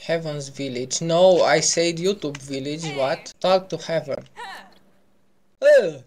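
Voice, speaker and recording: A man giving casual gameplay commentary as a YouTuber, playful and excitable, throwing in silly sound effects. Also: fairly high pitch, slow pace. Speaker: gaming YouTuber.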